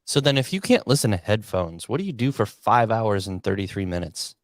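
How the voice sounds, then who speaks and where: Low-voiced man, relaxed co-host. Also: brisk, no room sound, clean studio sound. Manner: relaxed, asks questions, short reactions. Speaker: podcast co-host. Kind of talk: casual chat.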